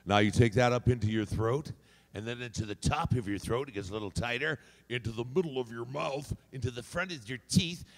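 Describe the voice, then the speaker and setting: Animated man teaching in an echoing hall. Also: on the high side. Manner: demonstrative, shifts voice placement freely. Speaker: voice actor on a convention panel. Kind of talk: teaching panel talk. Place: convention hall. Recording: long hall reverb.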